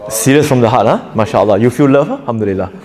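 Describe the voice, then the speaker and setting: A man's voice: medium pitch, animated, quick pace, a little mellow, big-room sound. A man teaching a live audience in an interactive lecture, joking often and quizzing listeners. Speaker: preacher teaching a workshop.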